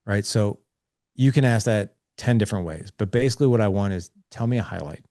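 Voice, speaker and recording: A man in his forties giving parenting advice in an interview, energetic and acting out conversations between dad and kid. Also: on the low side, brisk, no echo, clean studio sound. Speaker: guest on a parenting show.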